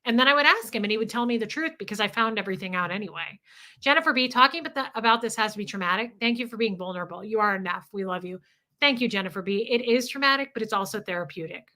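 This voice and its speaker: A woman's voice: mid-range voice, expressive, quick pace, sharp tone. A woman hosting a livestream, talking candidly and emotionally, swearing freely as she reads viewer comments. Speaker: livestream host.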